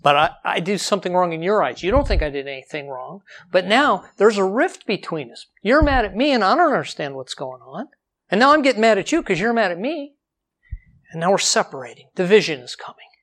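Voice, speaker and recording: A man preaching a sermon, slowing down for scripture and rising sharply for emphasis. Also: big pitch swings. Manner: dynamic delivery, slows for scripture, jumps high for emphasis, drops to quiet.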